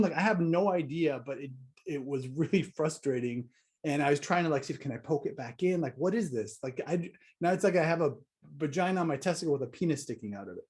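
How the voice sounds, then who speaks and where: A man's voice: a little high, normal speed, darkish tone, husky. A middle-aged man telling a personal story in a casual vlog, wry and exasperated, with sarcastic asides. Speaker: vlogger.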